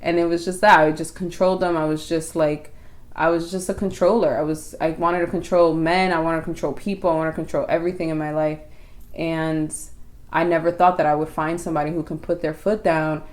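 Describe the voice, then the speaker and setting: A woman's voice: low-pitched, a little fast. A woman co-hosting a podcast, telling a story in casual chat and acting out quotes. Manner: animated, acts out quotes. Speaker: podcast co-host.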